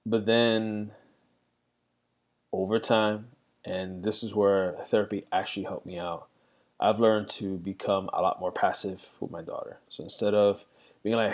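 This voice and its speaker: A man's voice: on the low side, fairly even intonation, moderate pace, darkish tone. A middle-aged man reflecting candidly in a rambling casual monologue, full of fillers. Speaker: vlogger.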